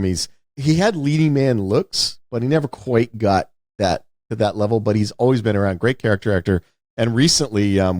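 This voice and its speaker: A man's voice: fairly low pitch, a little mellow, dry recording, studio quality. A man co-hosting a podcast, chatting casually about a film and thinking aloud as he talks. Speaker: podcast co-host. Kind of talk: casual movie review chat.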